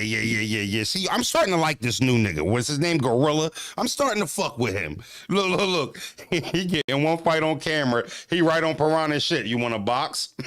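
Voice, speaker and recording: Animated streamer man, dry close mic. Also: fairly high pitch, no room sound. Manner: animated, profane street slang, talks back to chat. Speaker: streamer reacting to chat. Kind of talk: casual livestream talk.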